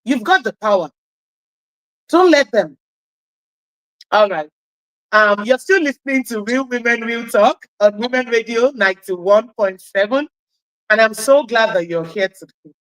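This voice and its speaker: A woman hosting a radio talk show, chatty and encouraging, with a loud voice. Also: mid-range voice, normal speed, dry recording, low-quality recording. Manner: encouraging, chatty, laughs at herself. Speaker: radio host.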